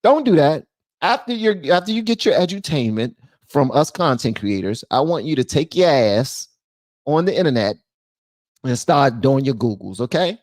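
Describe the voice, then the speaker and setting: A man hosting his own channel, giving blunt, animated commentary and talking straight to his viewers. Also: medium pitch, normal speed, dry recording, clean studio sound. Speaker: channel host. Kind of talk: casual political commentary.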